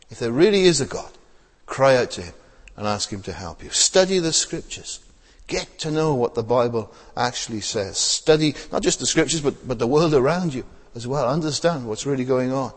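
A man's voice: medium pitch, slightly rough, in a large hall. A man preaching a sermon in a plain, conversational way, with many rhetorical tag questions and frequent hesitations and repeated words.

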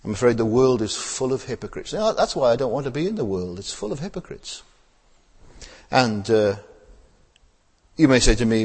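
A man gives a sermon in an easy, conversational way, full of rhetorical tag questions. He often stalls, hesitates and repeats words before pressing on. His voice is a little husky and its pitch moves a lot, with a long hall echo trailing behind it. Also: very animated, a little fast, a little mellow. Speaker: preacher.

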